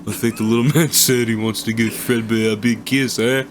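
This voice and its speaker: A man's voice: mid-range voice, fairly even intonation, moderate pace, noisy background, close to an everyday voice. An actor voicing a mocking teenage boy bully in a video game cutscene, taunting and sneering.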